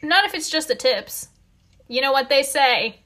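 A woman's voice: sits high, expressive, moderate pace, pushed and bright. A teenage girl hosting a casual podcast over a phone call, joking and dramatic as she tells tall stories. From Colombia. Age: teens. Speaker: podcast host. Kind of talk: casual chat.

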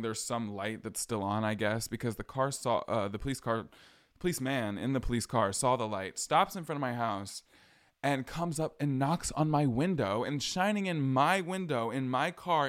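A young adult man hosting his own podcast, spinning a long personal story in a chatty, sassy voice. His pitch sits in a plain middle range, and he leans on slangy asides as he talks. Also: a bit bright. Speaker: podcast host. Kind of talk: casual storytelling monologue.

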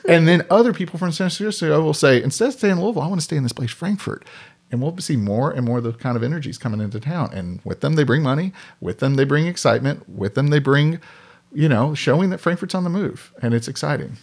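A man's voice: on the high side, expressive, quick pace, darkish tone. A man telling stories in casual conversation, animatedly acting out the voices of people in his anecdotes. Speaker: podcast guest. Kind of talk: casual storytelling.

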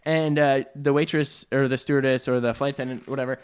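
A man co-hosting a podcast, telling stories in an animated, rambling way. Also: medium pitch, fast talker, clear, resonant tone. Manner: animated storytelling, lots of fillers. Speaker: podcast co-host. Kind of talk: casual podcast chat.

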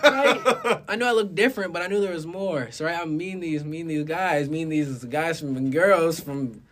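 A man's voice: fairly high pitch, brisk. Young man, laughing storyteller. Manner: laughs often, switches between quiet mumbling and loud laughing bursts. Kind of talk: casual chat.

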